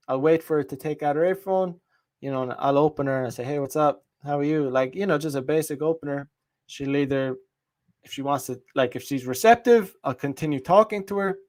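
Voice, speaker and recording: A podcast host, a man, talking in a heated, profane casual monologue with lots of emphasis. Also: on the high side.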